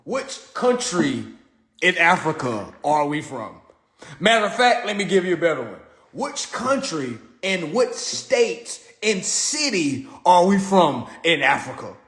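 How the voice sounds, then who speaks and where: A man's voice: on the high side, very animated, a little slow, fairly bright tone. A young man from South Carolina, talking in a casual, profane livestream monologue and laughing often. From South Carolina, USA. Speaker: livestream host. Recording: roomy echo.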